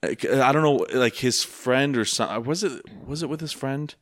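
A man's voice: medium pitch, moderate pace, no room sound, clean studio sound. A young man telling a rambling story in casual chat, full of fillers and swearing. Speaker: rideshare driver.

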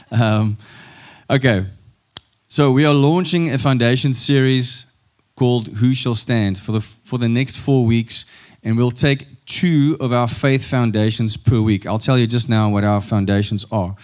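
A man with a South African accent preaching a sermon as pastor, in a warm, chatty way and laughing easily. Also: medium pitch.

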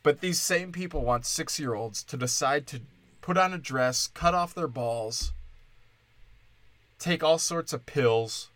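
A man's voice: fairly high pitch, a little slow, fairly bright tone, no echo. A man from Wisconsin hosting a solo comedic rant, profane and sarcastic, swinging between mocking asides and exasperated outbursts.

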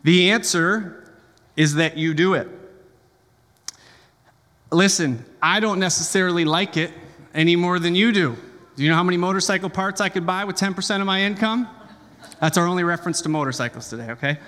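A man's voice: high voice, fast, pushed and bright, long reverb tail. A man preaching a sermon as pastor, conversational and joking, often checking in with the congregation.

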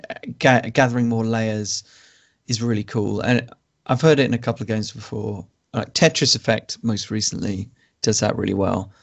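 A man co-hosting a podcast, talking casually about games in a measured, calm way. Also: fairly low pitch, vocal fry. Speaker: podcast co-host.

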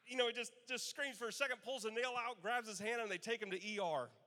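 A male pastor with a high voice speaks fast in a church sanctuary, delivering Father's Day sermon storytelling. He's animated, laughing and acting out quotes. The hall's long reverb echoes throughout.

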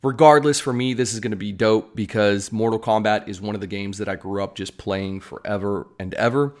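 A man's voice: lowish voice, steady tone, a little fast. A man giving casual, rambling commentary on upcoming films as a vlogger, with joking asides. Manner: chatty, rambling, self-deprecating asides. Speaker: movie news vlogger.

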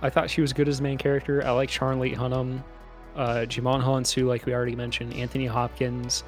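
A man's voice: mid-range voice, completely flat delivery, a little fast, soft background music. A man co-hosting a podcast, chatting casually about a movie in a loose, rambling way with lots of filler words. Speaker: podcast co-host.

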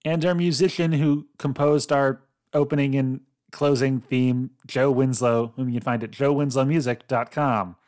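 A man's voice: medium pitch, fairly even intonation, moderate pace, hardly any pauses, darkish tone. Laughing, joking male podcast co-host. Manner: laughs often, loose and joking. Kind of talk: casual chat.

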